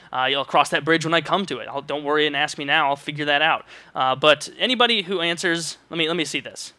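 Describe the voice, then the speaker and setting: A man's voice: on the high side, sharp tone, no room sound. A young man vlogging comedic commentary, with sarcastic, exaggerated rants into a close mic.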